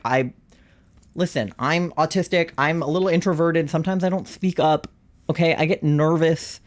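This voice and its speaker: A young adult streamer tells chat a story in a loose, casual way. The voice swings up and down in pitch, breaking into laughter often, with a wry, self-mocking edge. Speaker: live streamer.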